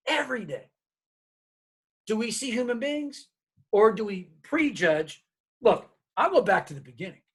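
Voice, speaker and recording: A man's voice: very high voice, slightly rough. A middle-aged man giving a diversity workshop, telling stories and acting out the people in them. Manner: animated, acts out quoted dialogue. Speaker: diversity trainer.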